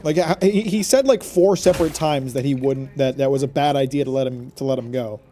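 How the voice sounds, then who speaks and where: A man's voice: medium pitch, a little fast, mellow. A man streaming a video game, joking and rambling through casual commentary. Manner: joking, rambling, laughs often.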